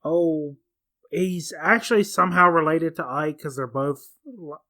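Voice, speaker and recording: A man in his thirties with a bright, forceful tone talks through a movie plot on a casual podcast. He sounds relaxed, quotes lines and corrects small details. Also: a little high, measured pace. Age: 30s. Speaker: podcast co-host. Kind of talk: casual film recap chat.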